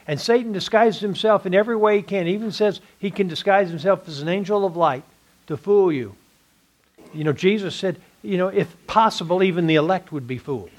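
A man's voice: sits high, fairly quick. A man with a Texan accent teaching a church Bible class, posing rhetorical questions and answering them himself.

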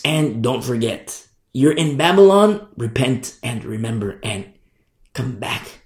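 A man's voice: mid-range voice, animated, takes it slowly, darkish tone, reverberant. A man preaching a sermon as a pastor, emphatic and conversational, driving points home through repetition.

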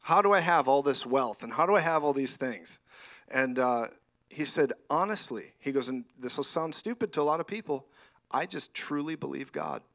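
A middle-aged man preaching with a bright, forceful voice that sits a touch high. He is animated and laughs often, swinging into loud exclamations. His delivery is charismatic and lively. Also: moderate pace.

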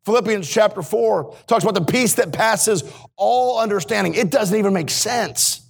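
Preaching at a moderate pace in a church sanctuary, a male missionary speaks directly to his congregation in a high, gravelly voice. His sermon moves from quiet, sincere moments to raised, forceful ones.

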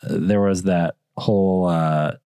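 A man co-hosting a casual faith podcast, his voice scratchy and hoarse from a cold, talking unhurriedly with many fillers. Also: sits low, fairly even intonation, warm tone, dry recording, clean studio sound. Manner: unhurried, thinking aloud with fillers. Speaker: podcast co-host.

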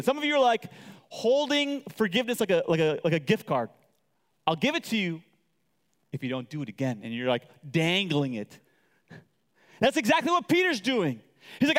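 A man preaching a sermon to a live audience, animated and acting out quoted voices. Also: moderate pace, big-room sound. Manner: animated, acts out quotes with big pitch jumps. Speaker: pastor. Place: large hall with audience.

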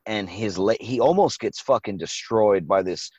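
A low-voiced man rambles through a movie recap in casual podcast chat, swearing freely and acting out lines from the film. The sound is dry and close, with a dull, lo-fi tone. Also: expressive, moderate pace, darkish tone, breathy edge, no echo. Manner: profane, rambling, acts out quotes. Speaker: podcast host.

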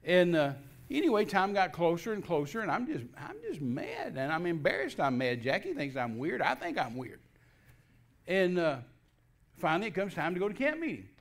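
This guest minister from Texas is an older man with a high-pitched voice, speaking at a moderate pace. He tells his personal testimony folksily, restarting himself repeatedly and playing out the conversations with lively quoted lines.

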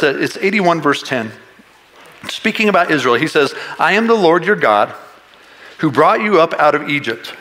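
A man preaching a sermon as pastor, animated and rising to shouts to stress a point. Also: sits high. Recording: long reverb of a large hall.

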